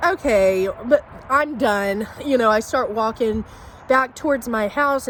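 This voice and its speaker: A woman with a high voice tells a story straight to her camera, chatty and animated. A faint hum sits behind her. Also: low-quality recording. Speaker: vlogger. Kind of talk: casual storytime.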